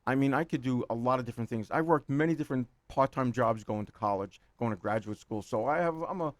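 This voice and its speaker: A man's voice: mid-range voice, fast, no room sound. A man in his sixties from New York City with a New York accent, rambling as a guest in a casual chat, laughing often and repeating words.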